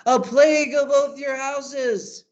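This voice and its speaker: A man's voice: very high voice, steady tone, takes it slowly, highs cut off, pitched above the performer's own voice. A man acting out a dying young man who curses both feuding families, his voice strained and stretched. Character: dying young man, wry then bitter.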